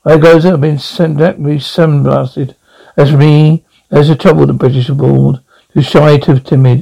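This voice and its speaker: A man's voice: a little high, steady tone, normal speed, gravelly, mellow, highs cut off. A middle-aged man with a Glasgow Scottish accent, blustering and rambling coarsely through a scripted comic monologue. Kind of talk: scripted comedy performance.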